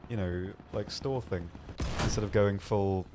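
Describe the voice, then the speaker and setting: A man's voice: on the low side, steady tone, a little slow, background noise. A man co-hosting a game stream in casual chat, rambling and laid-back with lots of fillers. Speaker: stream co-host.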